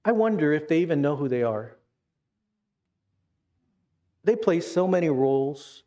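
A man's voice: on the high side, animated, unhurried, warm tone. A man preaching a sermon, earnest, with repeated words and questions to the congregation. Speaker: pastor.

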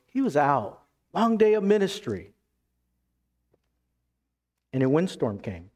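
A man preaching a sermon as pastor, emphatic, then dropping to hushed tones. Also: on the high side, sing-song, takes it slowly.

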